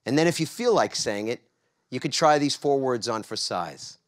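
A man's voice: mid-range voice, expressive, normal speed. A middle-aged man from New York gives a motivational talk to a live audience, coaxing them to answer back. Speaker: speaker.

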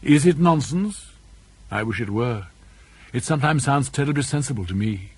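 Man voicing a husky, teasing young aristocrat, petulant and wistful, audiobook. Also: mid-range voice, lively intonation, normal speed, a little mellow. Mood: whimsical. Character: whimsical young aristocratic male student, petulant.

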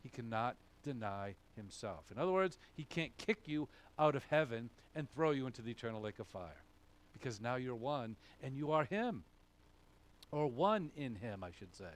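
A man's voice: mid-range voice, very animated, normal speed. A male pastor preaching a sermon, emphatic, asking questions and answering them himself. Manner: emphatic, asks and answers his own questions.

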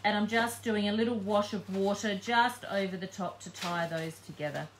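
A woman's voice: medium pitch, moderate pace, slight background noise. A woman giving a live painting tutorial, chatting casually and thinking aloud as she works. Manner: chatty, thinking aloud while working, frequent ums. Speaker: craft demonstrator.

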